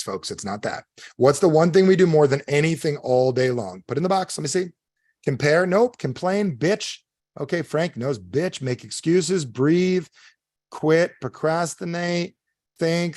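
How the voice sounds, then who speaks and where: A man's voice: mid-range voice, dry recording. A middle-aged man giving a live coaching talk as a motivational speaker, emphatic and constantly quizzing his audience with questions.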